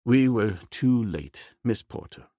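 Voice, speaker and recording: A man playing a tired, courteous English gentleman who speaks in a low, subdued and rueful way. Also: expressive, measured pace, vocal fry, no room sound, studio quality. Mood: weary.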